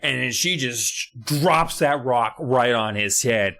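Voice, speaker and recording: A man's voice: mid-range voice, takes it slowly, sharp tone. A man co-hosting a podcast in casual chat, recapping a book in a sarcastic, profane, rambling way. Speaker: podcast co-host.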